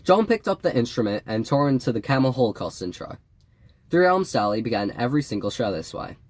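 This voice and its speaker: A man reading an audiobook in a wry, measured storytelling manner. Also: medium pitch, sing-song, dry recording. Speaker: audiobook reader. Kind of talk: audiobook narration.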